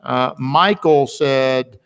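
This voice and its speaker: A male webinar host talks in a loose, rambling way, filling his sentences with ums and uhs. His voice sits at an ordinary middle pitch. It carries a long, hall-like reverb. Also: extremely slow, a bit bright, clean tone. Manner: rambling and chatty, with many filler words. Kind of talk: casual webinar talk.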